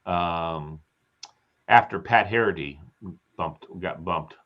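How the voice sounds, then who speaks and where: A man's voice: low-pitched, slow. Rambling chatty man, lo-fi sound. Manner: rambling storyteller, chatty, acts out quotes. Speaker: host. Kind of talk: casual live chat. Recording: slightly dull lo-fi sound.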